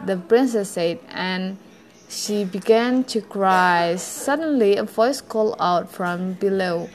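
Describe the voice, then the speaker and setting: Woman reading a children's tale aloud, slow and halting, often stopping to fix her words. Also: mid-range voice. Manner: halting, with frequent self-corrections. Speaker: storyteller.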